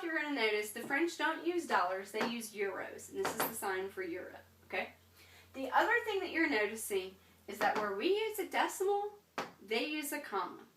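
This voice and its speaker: A woman's voice: high-pitched, a bit bright, far from the mic, a little hiss or hum. A woman teaching a French lesson in a chatty way, with frequent ums and check-ins of "right?". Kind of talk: classroom lesson. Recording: echoey room, voice from afar.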